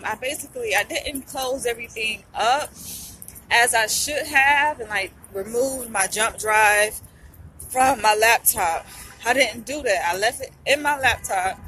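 A woman's voice: a little high, pushed and bright, a little hiss or hum, low-quality recording. A young woman, venting in a casual vlog. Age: young adult. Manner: upset, venting, says y'all a lot. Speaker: vlogger.

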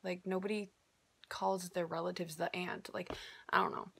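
Chatty young woman vlogging, bright voice. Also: lowish voice, steady tone, normal speed, creaky, slightly rough. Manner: chatty, rambling, lots of "like". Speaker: book vlogger. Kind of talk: casual vlog chat.

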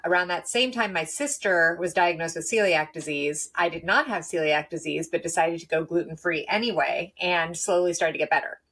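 A woman guest in a conversational interview, telling her story in a lively way with restarts and laughs. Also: fairly low pitch. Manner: animated, quick, with laughs and restarts.

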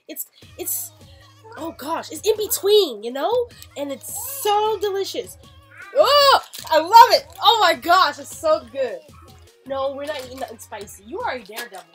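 A young adult woman vlogging a snack box unboxing, gushing with excitable exclamations as she tastes each treat. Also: high-pitched, moderate pace, faint music behind. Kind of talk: casual unboxing chat.

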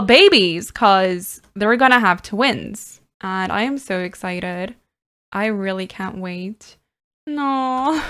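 A woman giving casual gameplay commentary, gushing and excitable, often squealing and laughing over cute moments. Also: medium pitch, clear, resonant tone. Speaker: gaming channel host.

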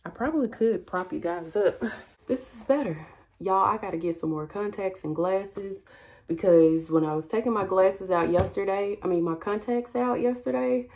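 A woman's voice: mid-range voice, a little mellow. A middle-aged woman, chatting casually to camera in a day-in-the-life vlog at home. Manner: chatty, confiding, drawn-out fillers. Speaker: vlogger. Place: bedroom at home. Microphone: handheld camera mic.

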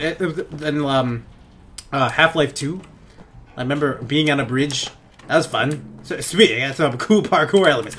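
A young man giving crude, goofy gameplay commentary on a headset in his bedroom, often laughing and yelling out suddenly. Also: fairly high pitch, slight background noise. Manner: goofy, giggly, crude jokes, sudden loud outbursts. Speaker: gaming let's play host.

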